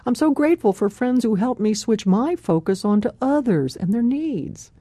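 Woman doing a devotional radio bit, mellow dry voice, chatty and storytelling, soft music under her. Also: fairly high pitch, animated, moderate pace, no room sound. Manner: warm conversational storytelling with laughs. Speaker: radio program host.

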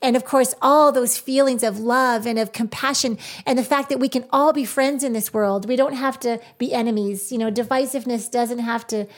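Female co-host, bright high register, casual storyteller who laughs easily. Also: steady tone, normal speed, hardly any pauses. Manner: warm storytelling with frequent laughs. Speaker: podcast co-host. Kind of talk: faith-based casual chat.

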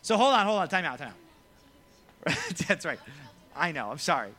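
Animated young pastor, bright lively voice. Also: male voice, fairly high pitch, normal speed. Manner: lively, joking, acts out quoted voices. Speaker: youth pastor. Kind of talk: casual sermon to students.

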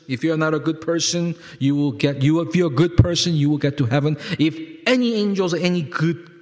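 A male pastor preaching a sermon, emphatic and repetitive, swinging from loud peaks to quiet lows and calling on the congregation to respond. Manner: repeats words for emphasis, asks congregation to respond. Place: church sanctuary. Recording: long hall reverb.

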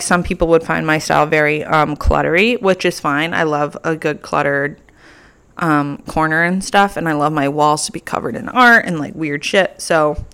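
A woman's voice: low voice, a bit bright, clear, resonant tone. A young woman hosting her own podcast, chatting casually and playfully petty, with lots of filler words. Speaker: podcast host. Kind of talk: casual solo podcast chat.

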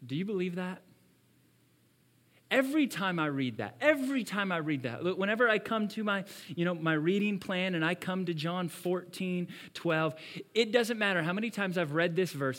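A man preaching a sermon as pastor, swinging between loud emphasis and hushed asides. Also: high voice, lively intonation, normal speed.

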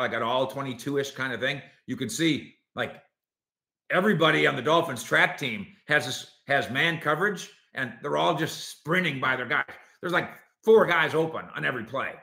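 The host of a solo sports podcast, a man with a medium-pitched voice, talks at normal speed in a roomy-sounding space. He argues his case energetically and speaks directly to the people listening.

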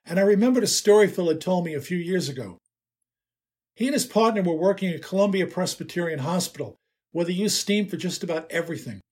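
Husky-voiced older man telling a story. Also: high-pitched, a little mellow. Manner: wry, unhurried storyteller. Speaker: writer. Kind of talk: personal storytelling narration.

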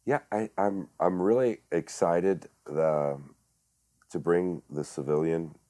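A man's voice: sits low, slow, mellow. A man, a director and actor, talking earnestly in a casual podcast chat, with frequent restarts and fillers. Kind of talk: casual conversation.

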